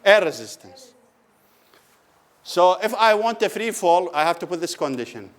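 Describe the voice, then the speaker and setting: Man lecturing, slow questioning delivery. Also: sits high, big pitch swings. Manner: asks the class questions and answers them, repeats key words slowly. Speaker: physics lecturer. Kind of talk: classroom lecture. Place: lecture room.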